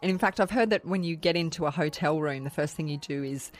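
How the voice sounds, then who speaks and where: A woman's voice: deep voice, fast talker. A woman hosting a podcast interview, asking probing questions in a conversational way. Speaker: podcast host.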